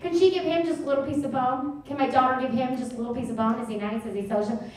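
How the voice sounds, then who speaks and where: A woman's voice: high-pitched, steady tone, fast talker, darkish tone, slight background noise, natural voice. A woman voicing a nosy young mother who gushes over a dog, asking fussy sing-song questions. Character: gushing, nosy young mother at a coffee shop. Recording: echoey theater, mic at a distance.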